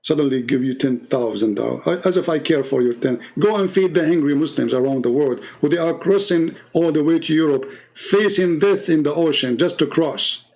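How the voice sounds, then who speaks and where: Scornful, gravelly man in heated debate. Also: a little high, a little mellow. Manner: scornful, mocking, combative, with rhetorical questions. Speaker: host of a live religious debate stream.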